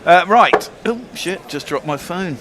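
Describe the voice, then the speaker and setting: A man's voice: high voice, lively intonation, a little slow, crowd noise. A man commentating on cricket ball by ball, trading dry, joking banter with his co-hosts.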